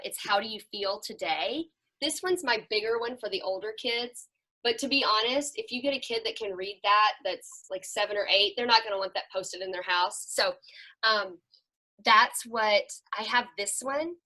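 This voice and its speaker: A middle-aged woman, speaking as a Christian counselor to a group of parents in an earnest, chatty way. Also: mid-range voice. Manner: earnest, chatty, animated when quoting children.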